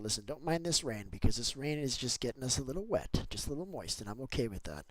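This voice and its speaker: A Minecraft streamer, an adult with kids, chats casually with a friend and his viewers while playing a building game, keeps greeting the chat, and gets sidetracked easily. He talks fast in a sing-song, mid-range voice with few pauses and no room sound.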